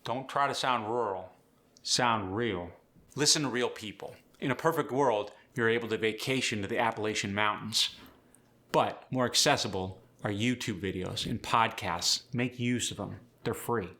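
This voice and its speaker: A man's voice: lowish voice, moderate pace, sharp tone. A man teaching an accent tutorial in an upbeat, chatty way. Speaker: dialect coach.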